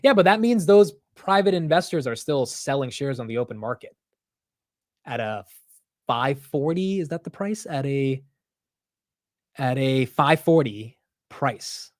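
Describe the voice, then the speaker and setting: Excitable man hosting a market livestream. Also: medium pitch, a little slow, long pauses, no room sound, studio quality. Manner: excitable, laughing, loose slang. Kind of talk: casual live market commentary.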